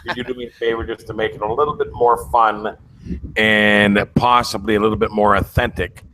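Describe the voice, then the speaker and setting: Male host, lowish bright voice, playful and emphatic in chat. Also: steady tone, fairly quick, a little hiss or hum, rough recording. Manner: jokey, emphatic. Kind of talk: casual online talk.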